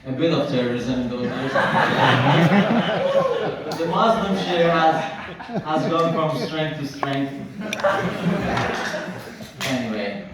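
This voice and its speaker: An Italian-born man with an American-sounding accent doing a stand-up set on a club stage, deadpan and full of halting restarts. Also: a little high, very echoey, distant mic, a loud crowd. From Italy. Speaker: stand-up comedian. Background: audience laughter.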